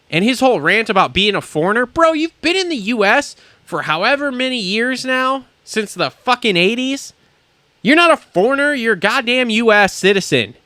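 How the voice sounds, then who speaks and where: A man's voice: extremely high pitch, pushed and bright, dry recording. A man hosting a podcast from a studio, ranting in a blunt, profane and indignant way. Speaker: podcast host. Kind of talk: heated podcast rant.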